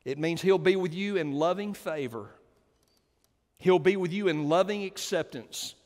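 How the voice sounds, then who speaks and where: A man preaching a sermon as pastor, impassioned, dropping to hushed tones and rising to loud exclamations. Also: high voice, normal speed, in a large hall.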